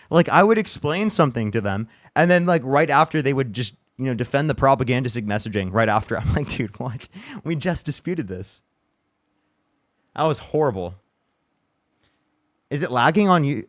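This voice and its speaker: Streamer host, male, rapid frustrated chatter, swears and restarts a lot. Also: medium pitch. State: upset after a bad day. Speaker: livestream debate host. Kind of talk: casual livestream chat.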